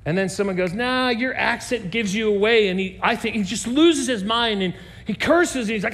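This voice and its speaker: High-voiced male pastor preaching. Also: moderate pace, few pauses. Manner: animated storytelling, drops to a soft low voice for emphasis. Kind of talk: sermon.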